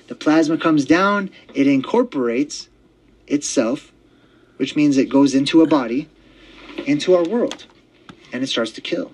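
Rambling, excitable man with a higher voice. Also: rough recording. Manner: rambling and excitable, many fillers and restarts. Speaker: podcast host. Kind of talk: casual monologue.

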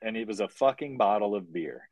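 A man telling wild stories as a podcast guest, profane and animated, acting out the voices of the people in them. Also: fairly low pitch, fairly quick, vocal fry, no echo. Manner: profane, animated, acts out quoted dialogue. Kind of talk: casual chat, storytelling.

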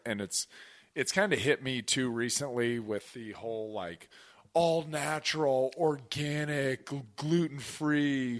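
A man hosts a podcast in easy, casual conversation. His voice sits in an ordinary middle pitch, and he talks in an animated, rambling way, with the odd casual swear word. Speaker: podcast host. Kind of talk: casual chat.

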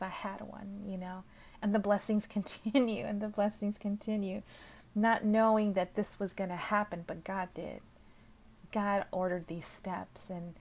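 A woman in the middle range of pitch recounts a personal story with heartfelt emotion. She repeats phrases as she talks and now and then sinks into a soft whisper. Her delivery is casual and unscripted. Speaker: social media creator.

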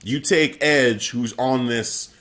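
This wrestling podcast co-host has a medium-pitched voice and talks slowly. In a casual chat he recaps a wrestling show, animated and laughing as he acts out quotes.

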